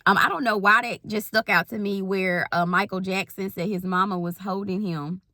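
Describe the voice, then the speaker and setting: A woman's voice: medium pitch, fairly even intonation, normal speed, pushed and bright, no room sound, clean studio sound. A woman in her thirties, a spiritual life coach, giving a rambling, folksy pep talk in casual Southern slang. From Southern US countryside. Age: 30s.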